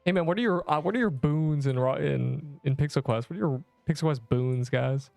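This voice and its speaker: A man's voice: on the high side, fairly quick, creaky, darkish tone, no echo, faint music behind. A man in his twenties livestreaming a game, chatting casually and rambling as he reads chat messages aloud.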